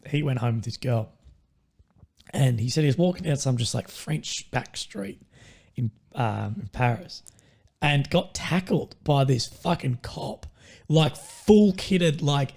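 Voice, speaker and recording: A young man, chatting casually and swearing freely as he tells animated stories. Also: medium pitch, gravelly. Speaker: ex-military guest. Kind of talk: casual chat.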